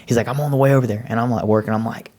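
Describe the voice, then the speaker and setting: A man's voice: mid-range voice, fairly even intonation, rapid-fire, mellow. A man, animatedly retelling a story on a podcast with quoted voices. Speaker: podcast co-host. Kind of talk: casual storytelling.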